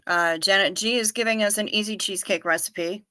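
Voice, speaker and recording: Woman streamer chatting with her viewers, bright forward voice, dry close sound, wry and rambly. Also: mid-range voice, brisk, dry recording. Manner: chatty, wry, muses aloud and repeats herself for effect. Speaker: livestream host. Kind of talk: casual chat reading out live viewer comments.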